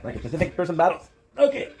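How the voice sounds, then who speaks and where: A man's voice: on the high side, big pitch swings, very fast, a little mellow. A man streaming live, chatting casually and rambling, often talking to himself and swearing offhand.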